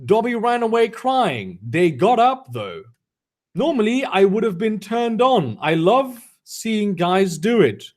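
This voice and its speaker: A man reads a badly written story aloud in a high, bouncing voice and keeps stopping to mock it. His tone stays sarcastic and amused. His pitch swings a lot from line to line. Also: sing-song, takes it slowly. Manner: sarcastic, mocking commentary between read lines. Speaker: reader of fan fiction. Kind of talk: comedic dramatic reading with asides.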